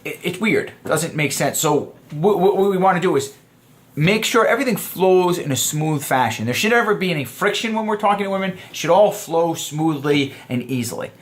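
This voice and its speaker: A man's voice: on the high side, animated, normal speed. A young man giving a casual dating lesson to camera, talking loosely and acting out both sides of example conversations. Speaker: dating coach. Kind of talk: casual instructional talk to camera.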